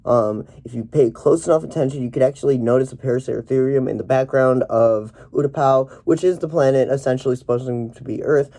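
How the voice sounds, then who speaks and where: A young man rambling through a deadpan parody movie review, full of halting restarts and fillers. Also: mid-range voice, gravelly. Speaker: comedic reviewer.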